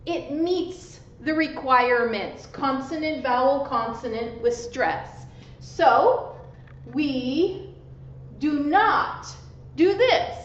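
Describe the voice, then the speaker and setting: A woman English teacher giving a slow, deliberate grammar lesson, spelling out letters and stressing syllables carefully. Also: high-pitched, expressive, slight background noise. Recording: echoey room, dull lo-fi sound.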